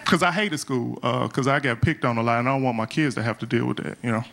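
A man's voice: mid-range voice, fast talker, vocal fry, fairly bright tone. A young adult man doing a live stand-up routine on a comedy club stage, talking loosely and conversationally with slangy asides.

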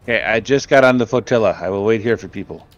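A man's voice: fairly low pitch, fast. A man chatting as a co-player on a casual gameplay live stream, making dry, offhand remarks over dull lo-fi voice chat with faint noise.

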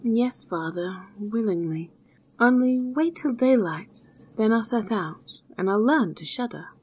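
Storybook hero, a bold naive young man, earnest and husky, unhurried as a woman reads him. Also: fairly high pitch, lively intonation, a little mellow. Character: fearless naive young man, eager and plain-spoken.

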